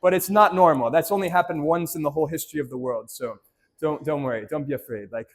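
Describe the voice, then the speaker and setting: Priest preaching in a church, chatty storyteller, slightly high male voice, keeps asking "right?". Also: fast. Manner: conversational storytelling, frequent "right?" tag questions; addresses children directly with simple questions. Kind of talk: homily to a parish congregation.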